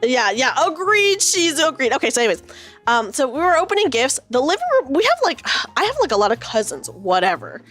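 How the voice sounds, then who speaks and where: A woman's voice: high voice, big pitch swings, brisk, a bit bright, faint music behind. A woman in her thirties chatting with her stream viewers from her room, telling a rambling story full of fillers and swearing now and then. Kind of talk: casual chat with live viewers.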